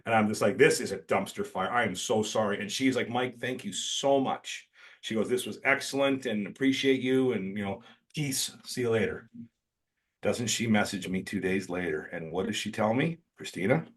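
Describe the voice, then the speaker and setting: A man's voice: on the low side, moderate pace. A man hosting a podcast, telling a story in an emphatic, blunt, self-deprecating way that includes swearing. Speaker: podcast host. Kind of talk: casual storytelling chat.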